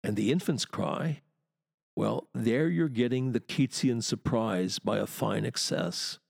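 A man delivers a poetry lecture at an unhurried pace, lingering on each important word. His voice carries a gravelly rasp. The recording is close and dry, with no room sound. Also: medium pitch, a little mellow, dry recording. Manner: deliberate, emphatic, savoring key words. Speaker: literature teacher.

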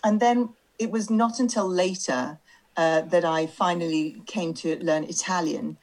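Recounting her story in an interview, this middle-aged woman from Birmingham, England, works as a tour guide. She speaks with a fairly low, darkish voice, pokes fun at herself, laughs readily, and fills her speech with ums.

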